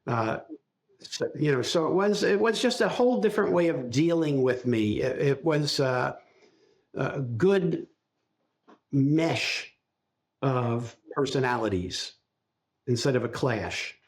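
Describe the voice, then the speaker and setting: An older man as a podcast guest, recalling his life in a reflective, halting storytelling way. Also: mid-range voice, expressive. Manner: reflective, speaks in halting restarts while recalling. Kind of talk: casual interview storytelling.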